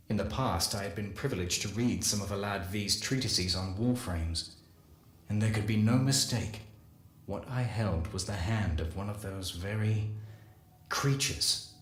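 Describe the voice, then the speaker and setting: A man with a fairly low voice reads a first-person story in a slow, measured way and pauses between phrases. The recording is roomy, with a clear echo around him. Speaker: lore reader. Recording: echoey room.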